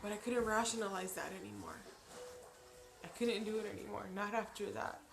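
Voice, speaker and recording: A woman in her thirties telling a personal story on her vlog, emotional and halting, with many restarts. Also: medium pitch, gravelly, over music. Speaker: vlogger. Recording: echoey room.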